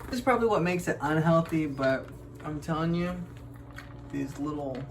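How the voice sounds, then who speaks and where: Young male youth leader, relaxed rambling talker, light room noise behind. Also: a little high, normal speed, poor audio. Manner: laid-back, rambling storyteller. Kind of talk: casual chat while cooking.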